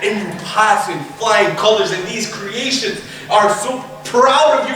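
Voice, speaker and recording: A young man preaches with dramatic storytelling and acts out voices, rising to shouts at the peaks. His voice is high and bright. It is recorded from a distance in a very echoey mosque hall with faint noise behind it. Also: animated, normal speed, hardly any pauses. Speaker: youth speaker. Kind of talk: emotional sermon. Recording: echoey room, speaker far from mic, faint noise.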